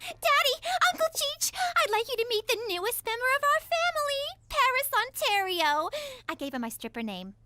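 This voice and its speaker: A woman's voice: very high voice, sing-song, moderate pace, pushed and bright, no room sound, faint music behind, exaggerated voice. A woman voicing a spoiled, melodramatic teenage daughter in a cartoon, whiny and manipulative. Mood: wheedling.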